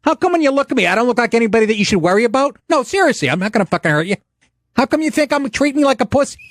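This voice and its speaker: A man's voice: extremely high pitch, sing-song, very fast, dry recording, pitched above the performer's own voice. A man putting on a hot-tempered young male mobster who taunts and bullies with a lot of swearing. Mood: menacing. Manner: profane, taunting and bullying.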